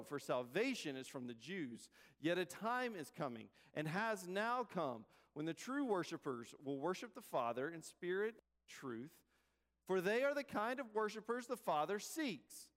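A preacher giving voice to Jesus as a solemn teacher, read out in a measured way. Long reverb trails his words in a large hall. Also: high-pitched, a bit bright, full character voice. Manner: measured scripture reading.

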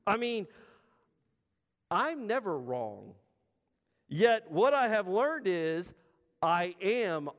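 A man preaching a sermon as pastor, talking in a conversational way with emphatic pauses. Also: sits high, in a large hall.

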